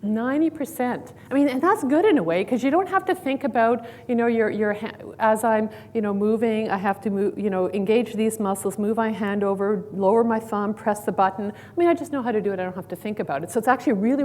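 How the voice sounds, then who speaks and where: A woman counsellor leading a mindfulness exercise at a conference, giving calm, slow guided instructions with light humor. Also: medium pitch. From Canada. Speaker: clinical counsellor. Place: conference room.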